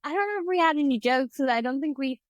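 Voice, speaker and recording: A woman's voice: high-pitched, expressive, quick pace, no echo. A woman in her twenties, a podcast guest chatting casually and often saying "like". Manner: chatty, fills speech with "like". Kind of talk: casual chat.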